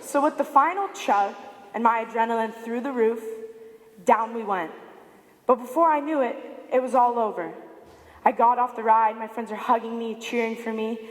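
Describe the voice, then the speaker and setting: A woman in her late teens giving a prepared speech to an audience, telling a story with animated delivery and acting out quoted lines. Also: fairly high pitch. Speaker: student speaker. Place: large high school arena. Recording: echoey arena with long reverb.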